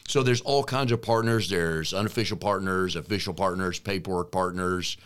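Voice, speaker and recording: Deep-voiced man co-hosting a podcast. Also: normal speed, fairly bright tone, smooth. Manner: jokey, easygoing banter. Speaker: podcast co-host, business coach. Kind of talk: casual podcast chat.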